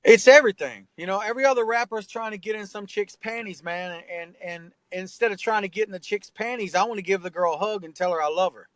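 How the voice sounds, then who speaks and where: A man's voice: high voice, fast, hardly any pauses, dry recording, rough recording. A man talking as a rapper and tattoo artist in an interview, earnest and emphatic, swearing freely and ending phrases with "man" and "bro". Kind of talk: candid interview talk.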